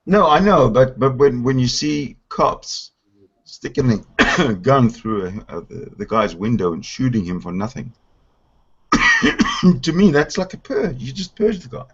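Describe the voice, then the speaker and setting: A male host on a casual talk show, questioning and challenging a caller with halting restarts. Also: medium pitch, very animated, fairly bright tone, breathy edge. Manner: interrupting, challenging, hesitant restarts. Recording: lo-fi stream audio.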